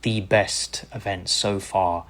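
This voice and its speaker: A low-pitched, slow-speaking British man, a content creator, is being interviewed about his story. He is enthusiastic and eagerly grateful, acting out the words of people he quotes in lively voices.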